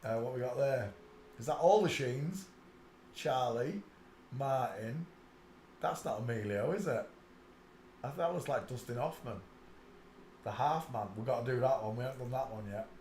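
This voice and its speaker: A man's voice: moderate pace, pauses often, darkish tone. A man talks through a live stream in a loose, rambling way and mutters asides to himself between remarks. His voice sits in a middle register. The room gives it a roomy echo, with faint noise behind him. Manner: breaks into high shrieking laughter.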